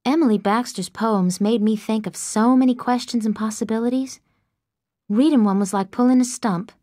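A woman narrating a story in the first person in an earnest, expressive way, on a close studio mic. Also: a little high, moderate pace, no echo. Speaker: audiobook narrator.

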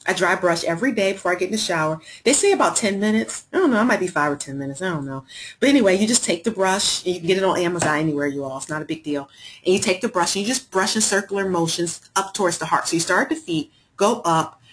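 A woman's voice: on the low side, fast talker, a little hiss or hum. A woman hosting a live health webinar, talking in a chatty way and reading out and answering viewers' chat messages. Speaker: webinar host.

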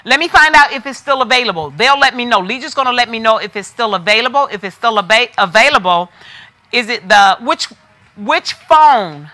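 Bright-voiced woman hosting a live sale. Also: on the high side, lively intonation, fairly quick. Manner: chatty and familiar, calls viewers by name; repeats prices eagerly, thinks aloud. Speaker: host of a live online sale. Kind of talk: live shopping sales pitch.

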